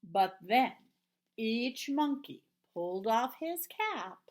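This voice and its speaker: A woman reads a children's picture book aloud, slowly and with care. Her pitch rises and falls lively across each line. She drops into hushed, whispered asides now and then. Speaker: storybook reader.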